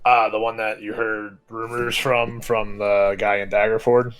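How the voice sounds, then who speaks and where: A man's voice: on the low side, little pitch movement, a little slow, a bit bright, clear, resonant tone. A man narrating as game master of a tabletop game, in a casual way with many fillers and restarts.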